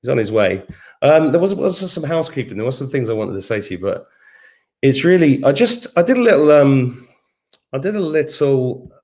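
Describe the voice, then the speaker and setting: A man's voice: medium pitch, big pitch swings, normal speed, darkish tone. Rambling middle-aged man hosting a livestream. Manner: rambling, hums to himself, swears casually. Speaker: host of an online live show. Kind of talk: casual live-stream chat reading comments. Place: home kitchen.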